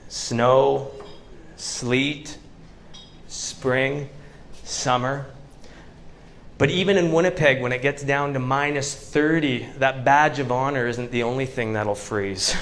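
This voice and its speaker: A Canadian man giving an inspirational talk to a live audience, telling stories with slow, dramatic pauses. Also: mid-range voice, fairly bright tone. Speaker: motivational speaker. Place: event venue before a live audience.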